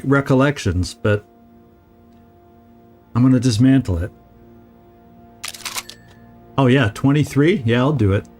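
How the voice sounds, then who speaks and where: A man commenting casually on his video game stream, chatty and quick to laugh. His voice sits at an everyday middle pitch. Soft game music plays faintly behind him. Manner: chatty, laughs often, talks to chat. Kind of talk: casual let's-play commentary.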